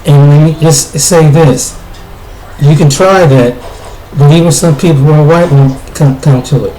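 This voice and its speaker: A man's voice: on the high side, a little slow, dark tone. A man from the United States giving blunt spoken commentary, stumbling over his words and restarting often. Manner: blunt, repetitive, with frequent restarts. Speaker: video commentator. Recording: echoey room with faint noise.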